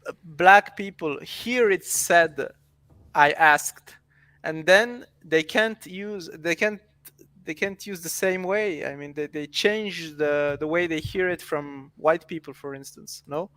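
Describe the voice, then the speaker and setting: Man, fairly high voice, bright, dry sound, hesitant, casual chat. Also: measured pace, no room sound. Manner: hesitant, lots of restarts and questions.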